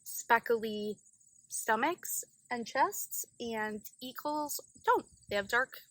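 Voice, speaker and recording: A woman's voice: fairly high pitch, animated, takes it slowly, fairly bright tone, no echo, rough recording. A woman co-hosting a podcast in a casual, rambling chat full of fillers. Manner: chatty, rambling with many fillers. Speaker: podcast co-host.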